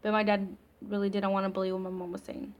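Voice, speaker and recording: A woman's voice: medium pitch, little pitch movement, fast. A young woman vlogger telling a scary story in a chatty, casual way, full of fillers and the odd swear word.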